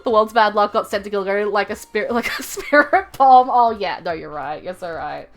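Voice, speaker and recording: A young woman livestreaming from home, telling a rambling story full of fillers and self-corrections in a chatty, expressive way. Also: medium pitch, normal speed. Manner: chatty and expressive, laughing at her own story. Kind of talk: casual livestream chat.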